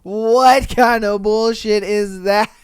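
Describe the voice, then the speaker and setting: Man, podcast host, unhurried delivery, clean dry sound, incredulous laughing reactions. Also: high voice, steady tone, clear, resonant tone, dry recording. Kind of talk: casual commentary on reader stories.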